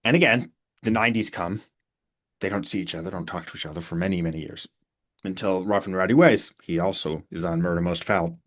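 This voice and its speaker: A podcast guest and author, this man has a low voice and talks fairly quickly as he recounts stories. He's animated and informal, with many fillers and restarted sentences.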